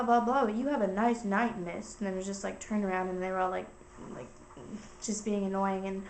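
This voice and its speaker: Young woman vlogger, rambling and casual, mid pitch, roomy echo. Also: slight background noise. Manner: rambling, filler-heavy storytelling. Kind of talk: casual chat. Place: indoors at home.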